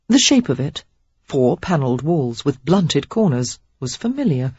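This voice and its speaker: An audiobook narrator telling a historical romance with expressive, lively pitch. The voice has a husky edge, and the recording is dull and dry. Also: dry recording. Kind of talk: scripted narration.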